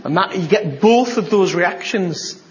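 A man preaching a sermon, telling a story and acting out the dialogue, with sudden bursts of excitement. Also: sits high, a little slow, muffled recording, slight background noise.

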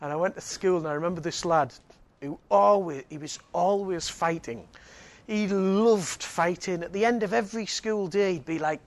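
A man's voice: high voice, normal speed. A man, preaching a sermon and telling a personal story with laughter and frequent restarts. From Northeast England.

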